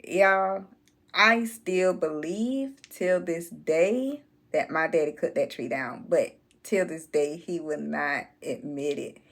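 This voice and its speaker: A woman telling a childhood story to her viewers in a relaxed, drawn-out way. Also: sits low. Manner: slow, drawn-out storytelling, addresses viewers as y'all. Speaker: channel host. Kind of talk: casual storytelling vlog.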